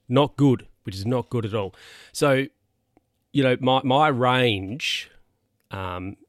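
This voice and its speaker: A man's voice: medium pitch, no echo. Man, podcast host; chatty, rambling solo monologue, dry close recording. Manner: rambling, self-correcting, chatty.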